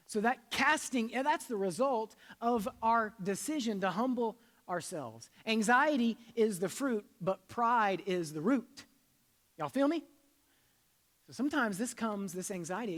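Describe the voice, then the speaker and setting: A male pastor preaches conversationally, swinging between loud emphasis and soft asides while leading the congregation in call-and-response. His high voice is expressive and measured in pace, carried by long hall reverb.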